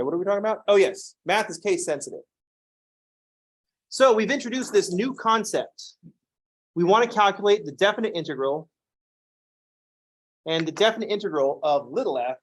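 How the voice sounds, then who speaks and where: A man lecturing a math class in a classroom, his voice sitting a little high for a man. He explains with a wry, joking manner, tossing in playful asides between points.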